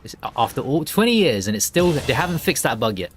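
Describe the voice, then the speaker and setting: A man's voice: medium pitch, very animated, fast talker, a little hiss or hum. A man chatting casually and joking while streaming a co-op game. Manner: joking, chatty, laughs easily. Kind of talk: casual gameplay chat.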